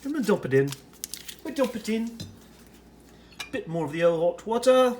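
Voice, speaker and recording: A casual food vlog voice with a put-on British accent, swooping up and down in pitch with lively energy. The speaker chats along while stirring, pouring and tasting, and a faint hum sits behind the voice. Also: moderate pace. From United States. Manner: chatty running commentary while preparing and tasting food. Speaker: ration reviewer.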